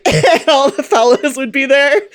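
A woman's voice: sits high, unhurried. A woman co-hosting a casual comedy chat, laughing often and slipping into mock voices. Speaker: podcast co-host.

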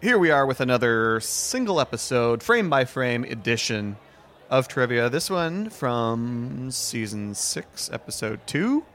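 A man's voice: medium pitch, sing-song, measured pace, a bit bright. A man co-hosting a casual podcast who runs the trivia and drifts into loose, rambling asides. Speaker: podcast co-host running trivia. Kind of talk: casual chat.

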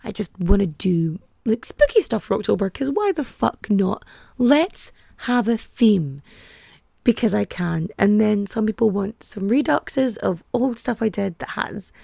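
A woman's voice: mid-range voice, animated, unhurried, gravelly, mellow, no room sound. A young woman hosting a podcast, rambling and chatty, packing her talk with "like". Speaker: podcast host. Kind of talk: casual podcast chat.

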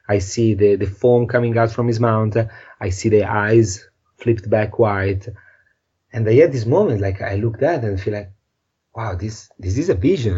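A man's voice: fairly low pitch, warm tone, slightly rough, lo-fi sound. Earnest man telling a story. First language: Italian. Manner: earnest, non-native phrasing, restarts words. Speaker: podcast guest. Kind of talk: emotional storytelling.

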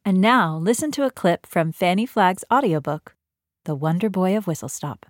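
A woman's voice: fairly low pitch, expressive, moderate pace, dry recording, clean studio sound. A woman host reading a scripted introduction in an announcing manner.

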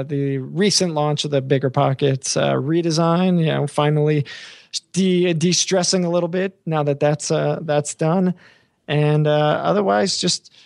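A man's voice: a little high, gravelly, a little mellow, no room sound, clean studio sound. A man hosting a podcast in casual, rambling chat full of fillers and repeated words. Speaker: podcast host.

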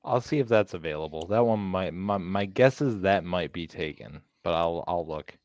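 A man with a very low voice, the producer of a live sports show, talking in an easygoing, agreeable, soft-spoken way. The sound is close and dry. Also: expressive, normal speed, dry recording. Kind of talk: casual live show chat.

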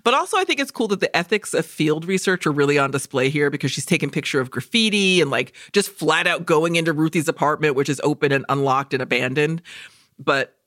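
A deep-voiced woman talks a little fast, the recording dry and studio quality. On a podcast she co-hosts, she narrates a movie casually, swearing freely and acting out lines in playful voices for comedic effect.

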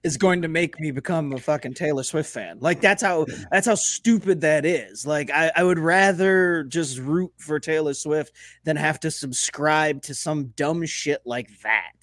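High-pitched man, blunt, swears a lot, podcast co-host, dry close mic. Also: unhurried, hardly any pauses, fairly bright tone, dry recording. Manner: blunt, profane, exasperated. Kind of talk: casual sports podcast banter.

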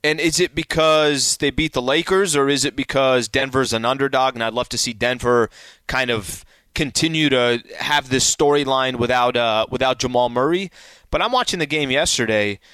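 A man's voice: mid-range voice, normal speed, a bit bright, clean tone, dry recording. A man co-hosting a casual sports talk show, talking things through in a conversational way. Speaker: sports radio co-host.

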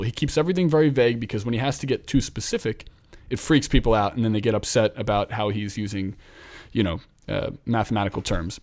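Chatty male sports host from Philly, rambling, mid-pitched. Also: quick pace, a little mellow. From Philadelphia. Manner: chatty, rambling, thinks aloud. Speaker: basketball podcast host. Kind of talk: casual sports talk.

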